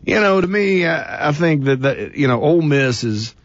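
Male radio co-host, opinionated, halting, dry lo-fi broadcast. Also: a little high, lively intonation, no room sound. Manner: opinionated, many restarts. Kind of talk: sports radio talk.

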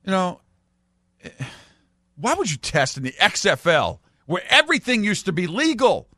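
Brief: lively New England man, sports radio host, bright forceful delivery, dry close sound. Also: high voice, moderate pace, dry recording. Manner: argumentative, animated. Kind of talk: sports talk radio banter.

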